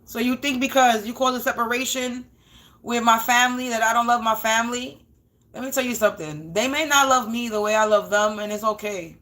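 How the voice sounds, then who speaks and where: Defiant woman, fairly high voice. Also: fairly quick, sharp tone. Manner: defiant, emotional, repetitive. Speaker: spiritual reader and vlogger. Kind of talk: emotional monologue vlog.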